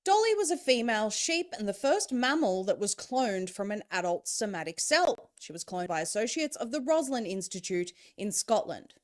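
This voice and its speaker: Lively woman narrating facts. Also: medium pitch, moderate pace, hardly any pauses. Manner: informative, explanatory. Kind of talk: scripted narration.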